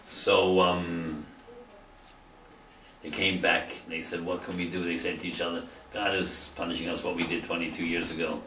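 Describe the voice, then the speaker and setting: A man teaching a Torah class as a rabbi. He tells the story, acts out the quotes, and swings between quiet asides and loud emphasis. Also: sits low, little pitch movement, normal speed, roomy sound, distant mic, a little hiss or hum, poor audio.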